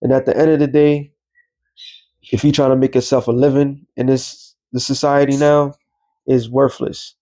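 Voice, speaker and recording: A man's voice: medium pitch, little pitch movement, moderate pace, warm tone. New guy rambling through a casual commentary vlog, loose street talk. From New York. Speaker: religious commentator.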